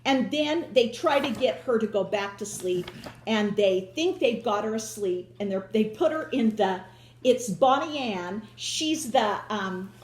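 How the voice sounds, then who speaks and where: A woman's voice: medium pitch, animated, measured pace, echoey room, slight background noise. A woman hosting a casual home chat, rambling with many restarts and drifting back with "so anyway". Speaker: host.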